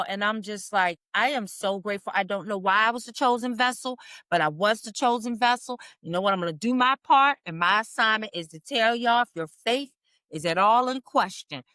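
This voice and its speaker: Bright-voiced woman, heartfelt podcast co-host. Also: mid-range voice, dry recording, clean studio sound. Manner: effusive and heartfelt, quick to repeat herself. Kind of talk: emotional casual chat.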